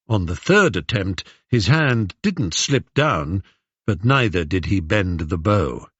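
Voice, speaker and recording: A man with an English accent narrating a story, expressive and animated in his pitch. His pace is slow and his voice slightly husky. The recording is dry and a touch dull. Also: dry recording. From England. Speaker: audiobook narrator. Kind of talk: scripted narration.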